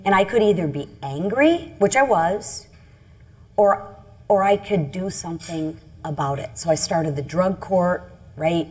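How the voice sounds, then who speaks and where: A woman's voice: on the low side, expressive, a little slow, darkish tone. A middle-aged woman from Michigan, a congresswoman telling a personal story on a panel in an earnest, candid, self-critical way.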